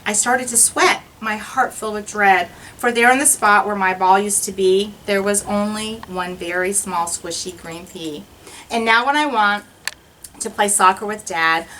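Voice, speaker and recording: A woman teacher reading a rhyming children's picture book aloud in an expressive, sing-song way. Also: mid-range voice, far from the mic, slight background noise, low-quality recording.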